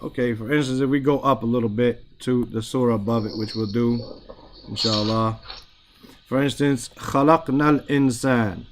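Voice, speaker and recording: A man's voice: medium pitch, fairly even intonation, moderate pace, slight background noise. A man teaching Arabic grammar in an online class, explaining in casual English, reciting Arabic phrases and checking in often with "right?".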